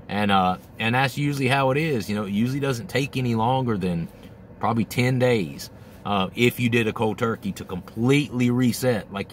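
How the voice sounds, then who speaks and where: A man's voice: mid-range voice, a bit bright, a little hiss or hum. A man hosting a candid, casual monologue, swearing freely and acting out his own thoughts, middle-aged. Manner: candid, profane, acts out his own inner voice. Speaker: host.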